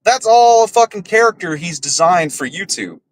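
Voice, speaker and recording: A man's voice: high voice, animated, normal speed, low-quality recording. A man hosting a podcast, delivering a profane, scornful rant and ending his points with "right?". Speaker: podcast host. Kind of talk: ranting commentary.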